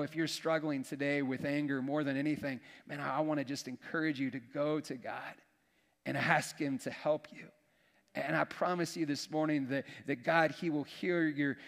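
A man preaching as a pastor, earnest and folksy, often restarting his words. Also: on the high side. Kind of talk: sermon. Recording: long hall reverb.

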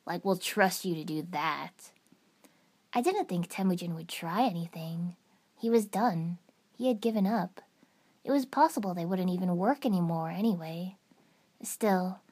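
A woman reads a first-person fan fiction story aloud in an even, steady storytelling manner. Her voice is low and husky, with a breathy edge. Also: moderate pace. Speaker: narrator. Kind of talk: fan fiction audiobook reading.

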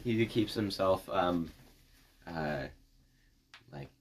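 A young man co-hosting a casual podcast chat, animated and laughing often, breaking off and restarting as he talks. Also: low-pitched, very slow, creaky, a little hiss or hum. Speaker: podcast co-host.

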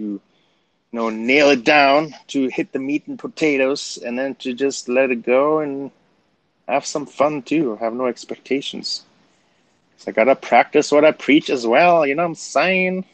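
A man from Canada hosting a casual livestream, chatty and quick to laugh things off as he talks straight to his viewers. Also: mid-range voice, no room sound, poor audio. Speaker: livestream host.

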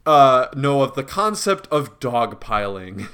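A man's voice: medium pitch, very animated, slow pace, fairly bright tone, clear, resonant tone. A man co-hosting a podcast in loose, casual chat. He laughs often between phrases and swears freely. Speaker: podcast co-host.

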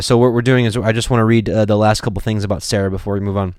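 A man preaching a sermon and reading scripture aloud, earnest and steady, with fillers between readings. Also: lowish voice, very fast, hardly any pauses, no room sound, studio quality.

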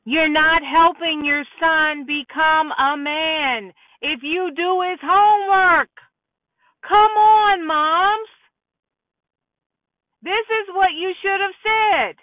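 A woman's voice: extremely high pitch, takes it slowly, no echo. A woman hosting a podcast, giving an emphatic, preachy talk to mothers with rhetorical questions. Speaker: podcast host. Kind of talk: preachy monologue addressing mothers. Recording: dry tinny phone-like sound.

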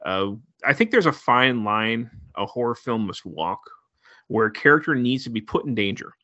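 A man's voice: medium pitch, animated, moderate pace, sharp tone, dry recording, dull audio. A man co-hosting a podcast, chatting casually and wryly about a horror movie with lots of fillers. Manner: laid-back, filler-heavy, wry. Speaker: podcast co-host. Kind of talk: casual movie review chat.

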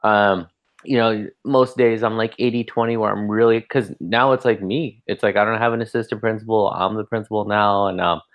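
A man's voice: fairly low pitch, steady tone, brisk, lo-fi sound. A man co-hosting a podcast in casual chat, telling loose, profane stories full of fillers. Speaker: podcast co-host, school principal.

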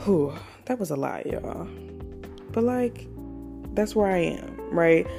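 A woman's voice: lowish voice, expressive, takes it slowly, vocal fry, over music. A woman in her twenties talking candidly in a casual personal monologue, swearing freely and using slang. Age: 20s. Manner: candid, profane, conversational with slang. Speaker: podcast host.

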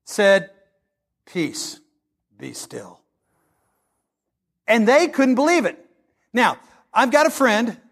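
A male pastor preaching a sermon, telling stories in a folksy, emphatic way. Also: sits high. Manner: animated storytelling, folksy and emphatic.

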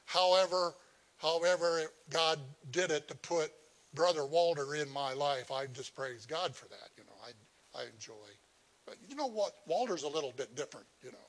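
A man's voice: a little high, animated, unhurried, a bit bright. A man preaching a sermon as pastor, often repeating and restarting words, then driving points home with rising emphasis.

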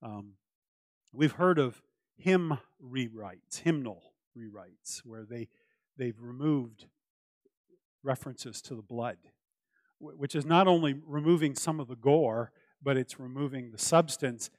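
A man's voice: medium pitch, a little slow, no echo. A man preaching a sermon as pastor, earnest and emphatic, repeating his key phrases for weight.

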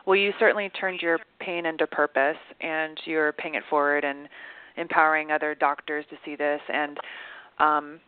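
A woman's voice: low voice, little pitch movement, normal speed, clean tone, no echo. A woman hosting an interview, enthusiastic and affirming as she sets up her questions. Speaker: podcast host. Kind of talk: interview conversation. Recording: tinny phone-like line.

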